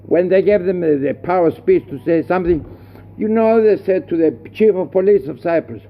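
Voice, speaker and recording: A man's voice: sits high, a little fast, highs cut off. A man who heads a workers' association, delivering an angry, scornful rant full of rhetorical questions. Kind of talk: impassioned rant.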